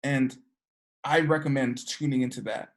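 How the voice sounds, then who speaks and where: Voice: fairly even intonation, normal speed. Energy work teacher, casual class talk, filler-heavy, acts out characters. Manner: chatty, peppered with "like" and "you know"; acts out characters with sudden pitch jumps.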